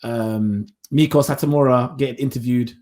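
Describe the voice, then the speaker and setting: A man's voice: mid-range voice, moderate pace, slight background noise. A man co-hosting a podcast, telling a story in casual chat and acting out the lines of the people in it. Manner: animated storytelling, acts out quotes. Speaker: podcast co-host.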